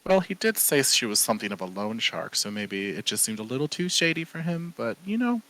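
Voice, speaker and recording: A man's voice: medium pitch, sing-song, brisk, sharp tone, faint music behind, rough recording. A man playing his character in a tabletop game, talking in wry, playful banter over an online call. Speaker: player. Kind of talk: in-character tabletop role-play.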